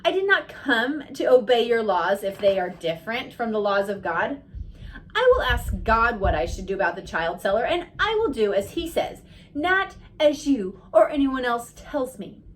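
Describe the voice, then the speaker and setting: A woman's voice: fairly high pitch, expressive, moderate pace, recorded from a distance, natural voice. A woman reading aloud, voicing a determined missionary woman who speaks firmly and earnestly. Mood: resolute. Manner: firm, earnest.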